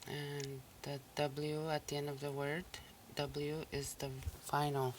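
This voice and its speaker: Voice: mid-range voice, unhurried, slight background noise. A language teacher on a recorded listening lesson, repeating each word patiently and breaking it into syllables. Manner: patient, even explaining tone.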